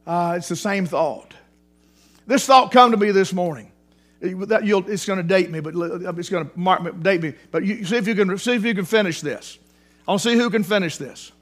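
A man preaching a sermon in a church, animated, repeating words for emphasis and restarting phrases often. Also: high-pitched, normal speed. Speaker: pastor. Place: church sanctuary.

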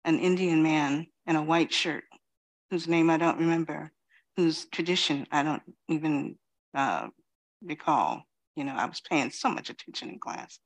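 Middle-aged woman from queens, low voice, slow reflective dharma talk, lots of pauses. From Queens, New York City. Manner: slow, reflective, many pauses and "you know". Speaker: Zen teacher.

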